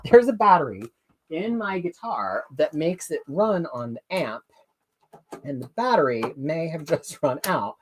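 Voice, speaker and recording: A live-stream host chatting casually and reading viewer comments aloud, excitable and rambling, often correcting themselves mid-sentence. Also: mid-range voice, measured pace.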